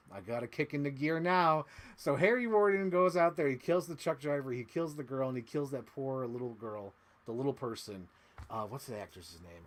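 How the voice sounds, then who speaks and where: A man casually recapping a horror film, acting out quotes and laughing as he goes. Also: mid-range voice. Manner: animated retelling with acted-out quotes and laughs. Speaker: host.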